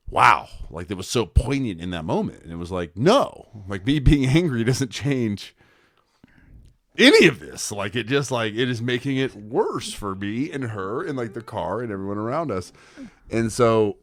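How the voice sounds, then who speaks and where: A man's voice: mid-range voice, animated, moderate pace, no room sound, studio quality. A young man co-hosting a podcast, telling long, rambling stories full of fillers and acted-out quotes. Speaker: podcast co-host. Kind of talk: casual storytelling chat.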